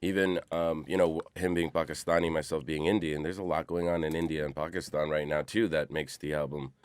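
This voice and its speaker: A man from Queens, a rapper guest on a radio show, speaking with a deep, resonant radio voice in a measured way and repeating phrases as he thinks. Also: little pitch movement, clear, resonant tone, no echo. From Queens, New York. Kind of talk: casual studio interview. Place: radio studio. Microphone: studio microphone.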